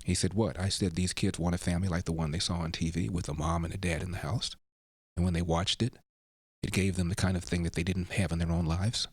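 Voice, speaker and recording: Deep-voiced male talk host, dry sound. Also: flat delivery, fast, husky, no room sound. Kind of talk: talk show monologue.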